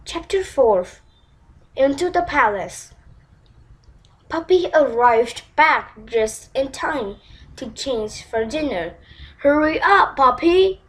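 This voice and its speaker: A woman reading a children's storybook aloud in a slow, expressive way. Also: a little high, slightly rough, rough recording.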